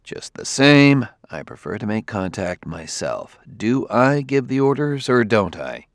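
A blunt, impatient detective who speaks in short, commanding bursts, as a male narrator puts him on. The voice sits low and gravelly in a dry, close sound. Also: sing-song, unhurried, no room sound. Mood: brusque. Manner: brusque, commanding.

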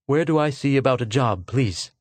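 A man's voice: medium pitch, lively intonation, moderate pace, dry recording, lightly acted. A man reading the part of a nervous, hesitant fifty-two-year-old man in an audiobook. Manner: hesitant, stammering.

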